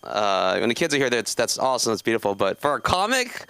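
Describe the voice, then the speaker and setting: A man in his thirties from South Los Angeles works an open mic stand-up set, meandering through his story with constant fillers and restarts. His pitch swings widely. The sound is smooth and dry, close on a handheld stage mic. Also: big pitch swings, quick pace, sharp tone, no echo. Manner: rambling, many fillers and self-interruptions. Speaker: stand-up comedian. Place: comedy club stage.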